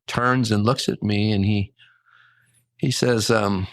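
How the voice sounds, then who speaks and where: An older man, a hotel general manager, telling a story in a lively way and acting out the quotes. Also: on the low side, slow pace, dry recording. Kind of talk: casual storytelling.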